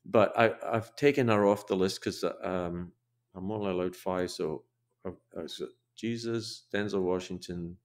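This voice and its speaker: An older man with a very low voice talks as a guest on a podcast interview. He speaks reflectively and haltingly, often restarting his sentences. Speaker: podcast guest, probiotics researcher. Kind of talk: casual interview chat.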